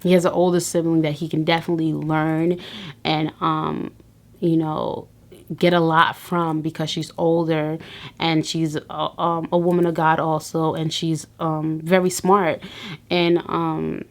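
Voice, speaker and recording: A woman in her thirties speaks straight to her viewers in a personal vlog. Her voice sits fairly low with a gravelly edge, and she talks with earnest, faith-filled encouragement, often restarting her phrases. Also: level tone, measured pace. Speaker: vlogger.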